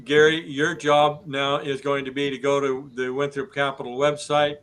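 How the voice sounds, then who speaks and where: A man hosting a business podcast in a flat, unhurried tone. He walks through each step methodically and keeps his voice level throughout. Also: mid-range voice, clear, resonant tone, poor audio. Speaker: host.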